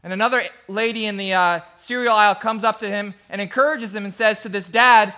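Pastor, high bright voice, emphatic sermon, dramatic hushes. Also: male voice, fairly quick, hardly any pauses. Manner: emphatic, swings between loud and hushed, rhythmic lists.

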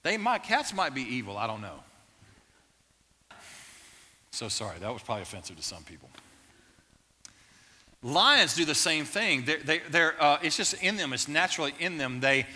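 A man preaching a sermon as a pastor, animated and conversational, with quick asides to the congregation. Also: a little high. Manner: animated, playful asides early, turning quiet and earnest. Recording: reverberant hall.

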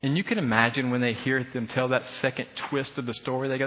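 A husky male pastor preaches in a big church hall, and his voice trails off into a long reverb. He is animated and slips into other people's voices to make his point. The sound is slightly dull. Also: medium pitch, fast, hardly any pauses. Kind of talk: sermon.

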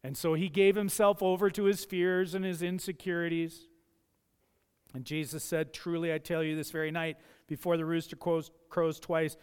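A pastor with a high, smooth, resonant voice preaches passionately in a church at a measured pace with fairly even intonation. He often slips into the voices of the people he quotes, and a long hall reverb trails each phrase.

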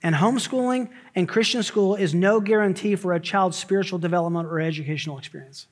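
A man preaching a sermon as pastor, emphatic, with quick asides and rising exclamations. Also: high-pitched. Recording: long hall reverb.

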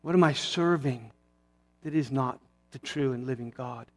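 A man's voice: medium pitch, moderate pace, soft background music. A man in his forties giving an earnest, conversational sermon as a pastor, with restarts and asides. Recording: long hall reverb.

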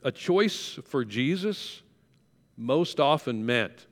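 A man's voice: medium pitch, expressive, slow. Pastor guy giving a chatty sermon, gets the crowd to repeat stuff, big echoey church. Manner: conversational, coaxing the congregation to repeat words. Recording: long hall reverb.

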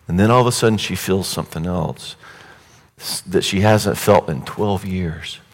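A man's voice: sits low, normal speed. A man preaching a sermon in a vivid, conversational storytelling way. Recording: echoey hall reverb.

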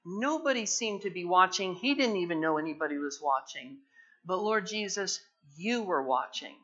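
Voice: medium pitch, animated, moderate pace, fairly bright tone, lo-fi sound. A pastor preaching a sermon with passion, pressing the point with repeated rhetorical questions.

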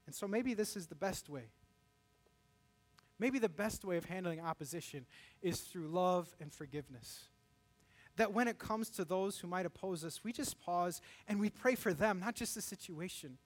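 A male pastor preaching a sermon, animated, acting out quoted voices as he teaches. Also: moderate pace. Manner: animated, acts out quoted voices with rising pitch.

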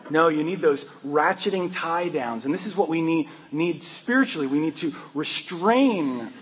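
Conversational male preacher, slightly higher voice. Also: animated, moderate pace, slight background noise, low-quality recording. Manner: conversational, humorous, asks the congregation questions. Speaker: pastor. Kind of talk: sermon.

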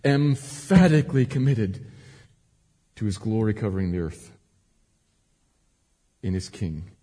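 A man preaching a sermon as a pastor, moving between quiet earnest teaching and raised, emphatic cries. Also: lowish voice, lively intonation, measured pace, husky. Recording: long hall reverb.

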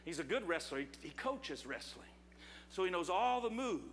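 A male pastor preaching an impassioned sermon at a church service, rising to shouts. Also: high voice, very animated, normal speed, big-room sound, a little hiss or hum.

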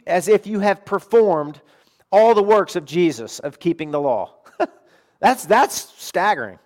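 A middle-aged pastor delivers a sermon in a voice a touch higher than most men's. He speaks earnestly, sinking into quiet confiding stretches and rising to emphatic declarations.

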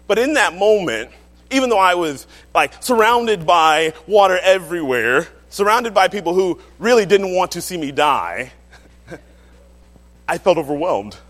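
A male pastor telling a humorous personal story in a sermon, animated and often laughing as he talks. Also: sits high, a little slow, big-room sound.

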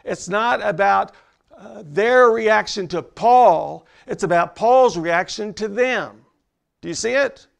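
Pastor, male, high gravelly voice, unhurried and emphatic, chatty church sermon. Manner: emphatic, conversational preaching with asides to the congregation.

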